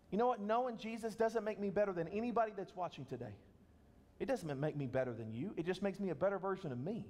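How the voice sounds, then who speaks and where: Man, pastor, high-pitched, earnest conversational preaching, sermon, long hall reverb.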